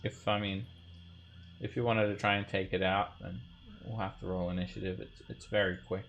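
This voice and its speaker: A man with a low voice runs an online tabletop game as game master, narrating in a halting way with plenty of fillers and restarts. He speaks into a computer mic over a voice call, with a faint hiss behind him. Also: level tone, creaky, fairly bright tone, highs cut off.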